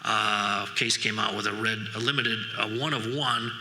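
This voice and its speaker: A man's voice: on the low side, fairly even intonation, moderate pace, bright, forceful tone, a little hiss or hum. Folksy Midwestern man in a reverberant hall. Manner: folksy storytelling with frequent asides and restarts. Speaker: keynote speaker. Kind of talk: conference keynote talk. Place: large conference hall. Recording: long hall reverb from a conference room.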